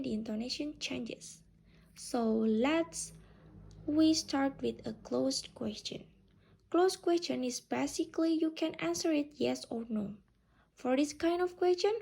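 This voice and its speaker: A woman teaching pronunciation, explaining slowly and modeling example phrases with exaggerated rises and falls. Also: high voice, vocal fry, a little mellow. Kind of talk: slow, careful classroom explanation.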